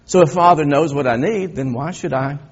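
Middle-aged male pastor, husky, slightly high voice, sermon delivery with rhetorical questions. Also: brisk, highs cut off. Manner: preaching with rising emphasis, rhetorical questions.

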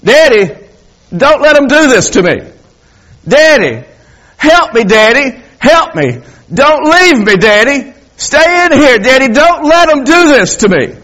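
A man's voice: sing-song, unhurried, bright, forceful tone, exaggerated voice. A man doing a sobbing, frightened little boy. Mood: desperate pleading. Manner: desperate high-pitched crying out. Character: terrified little boy pleading for his father. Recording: dull lo-fi recording.

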